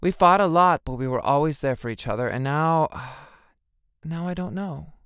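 A man voicing an excitable, blunt young woman who loves cats, in a storybook reading. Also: medium pitch, quick pace, clean tone, no echo, clean studio sound, lightly acted. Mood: sad.

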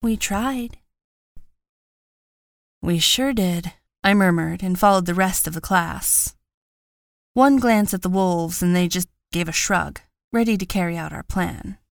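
Woman, lowish voice, first-person audiobook narration, wry and understated, very dry close recording. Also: normal speed, vocal fry, no echo.

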